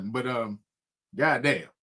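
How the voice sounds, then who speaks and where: A man's voice: mid-range voice, drawn-out words, slightly rough. A man casually telling a spooky story, cursing freely and laughing often. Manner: profane, laughing often, animated.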